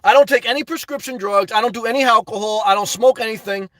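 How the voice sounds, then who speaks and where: A man live-streaming, chatting to viewers in a high-energy, effusive way as he answers their messages. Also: fast talker, pushed and bright, dry recording. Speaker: live streamer reading chat and donations. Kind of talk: casual live-stream chat.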